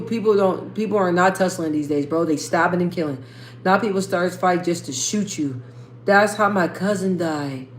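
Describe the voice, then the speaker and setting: Chatty young woman on an echoey livestream. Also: slight background noise. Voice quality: talks in a lifted register above her natural low voice. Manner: rambling, chatty, slangy, quick asides to viewers. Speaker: livestream host. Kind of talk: casual livestream chat reading viewer comments.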